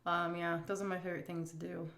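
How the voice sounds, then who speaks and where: A woman's voice: fairly low pitch, quick pace. Chatty middle-aged woman food vlogger. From United States. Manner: chatty, animated retelling with many fillers. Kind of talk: casual storytelling and Q&A.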